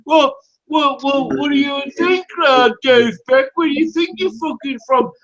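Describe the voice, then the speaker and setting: A man's voice: very high-pitched, unhurried, lo-fi sound, crowd noise, pitched above the performer's own voice. A man putting on a whiny, dimwitted voice to mock another man in a taunting sing-song. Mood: whiny mockery.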